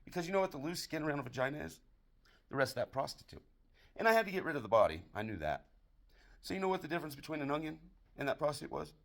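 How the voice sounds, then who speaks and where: A gravelly, fairly high-pitched American man rattles off dirty jokes at a rapid clip, like a barroom joke teller. His crude comedic monologue is full of swearing, delivered in a dry, deadpan tone.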